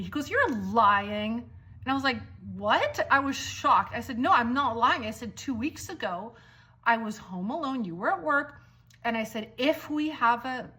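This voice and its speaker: A middle-aged woman telling a personal story casually at home, acting out the lines of others as she goes. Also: a little high. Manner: animated, acts out quoted dialogue. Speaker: vlogger. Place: at home, walking around the house.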